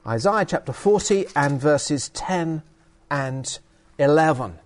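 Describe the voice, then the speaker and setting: A man's voice: a little high, expressive, takes it slowly. A man preaching a sermon and reading from the Bible, emphatic with hesitant fillers.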